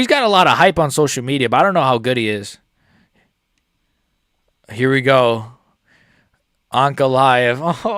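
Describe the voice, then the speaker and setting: A man's voice: medium pitch, fairly bright tone, no room sound, clean studio sound. A young man streaming a live fight reaction, talking casually to his viewers in a muttered, profane running commentary. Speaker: MMA streamer.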